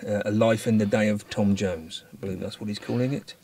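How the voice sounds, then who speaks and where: A man's voice: lowish voice, steady tone, a little fast, darkish tone. A man co-hosting a travel vlog, chatting casually to camera in a rambling, jokey way with plenty of ums. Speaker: vlogger, channel co-host.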